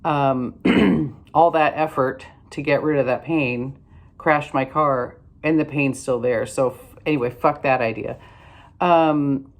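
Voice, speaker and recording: A woman's voice: extremely low pitch, slow. A tired older woman telling a rambling, wry story in a casual vlog, with lots of fillers and restarts. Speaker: vlogger.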